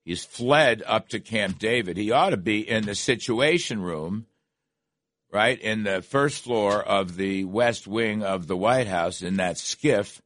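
A man's voice: lowish voice, slow pace, a bit bright, dry recording. An older man hosting a talk radio show, delivering emphatic, repetitive political commentary from a studio. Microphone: studio microphone.

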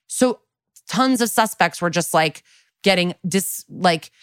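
A woman's voice: lowish voice, animated, slow, smooth, no room sound, clean studio sound. A woman co-hosting a true-crime podcast, chatting casually, swearing freely and using lots of filler words. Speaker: podcast co-host.

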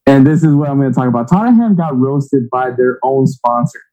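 A man's voice: medium pitch, fairly quick, dark tone, poor audio. A man co-hosting a sports podcast, rambling and teasing in casual chat. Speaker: podcast co-host.

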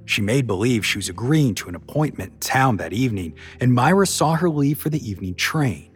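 Expressive male storyteller, lively pitch. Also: faint music behind. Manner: expressive, measured. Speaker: podcast reader. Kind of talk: storytelling narration.

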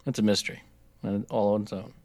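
A man's voice: lowish voice, fast, no room sound. A man co-hosting a podcast in casual chat, reading out a promo then joking along. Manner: reads promo text flatly, then joking banter. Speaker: podcast co-host.

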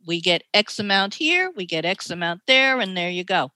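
A middle-aged woman with a New York accent, a ghostwriter telling animated stories in a podcast interview. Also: lowish voice, moderate pace, no echo. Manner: animated storytelling, chatty, laughs often. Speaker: ghostwriter guest.

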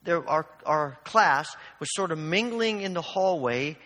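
A man's voice: fairly high pitch, expressive, unhurried, sharp tone. A man preaching a sermon, telling a personal story and then urging his listeners on with growing fervor. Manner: storytelling, building to fervent exhortation. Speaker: pastor. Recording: long hall reverb.

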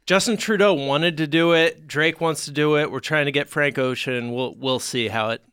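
A man hosting a podcast, chatting casually with laid-back, deadpan asides. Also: on the high side, moderate pace, clear, resonant tone, no echo, clean studio sound. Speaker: podcast host. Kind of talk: casual chat.

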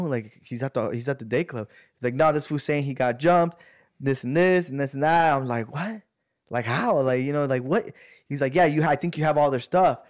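A man casually telling friends a long story, rambling and slangy, acting out what others said. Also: medium pitch. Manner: rambling, slangy, acts out quoted voices. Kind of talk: casual chat.

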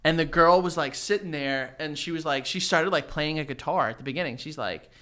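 A young man co-hosting a podcast in casual chat, animated and jokey, with lots of fillers. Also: on the high side, brisk. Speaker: podcast co-host.

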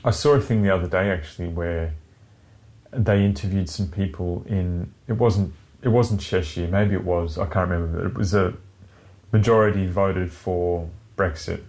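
A man's voice: sits low, normal speed, darkish tone. A man co-hosting a casual podcast chat, rambling, swearing freely and laughing often. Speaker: podcast co-host.

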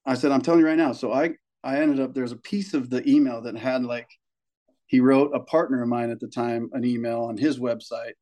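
A young man chats casually, like he's on a podcast, about coaching high school baseball. He speaks at an ordinary middle pitch. His delivery is animated and a bit profane, and he bounces into higher voices to act out quoted parents and colleagues. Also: a little fast. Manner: animated storyteller, swears, acts out quoted people.

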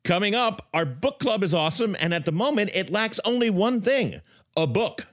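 A man's voice: high-pitched, animated, moderate pace. A man co-hosting a comedy podcast, joking playfully and laughing often. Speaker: podcast co-host.

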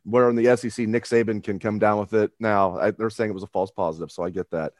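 Excitable man hosting a sports podcast. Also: on the low side, fast, no room sound, clean studio sound. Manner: excitable, joking, complains with mock exasperation. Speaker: podcast host. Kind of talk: casual sports podcast chat.

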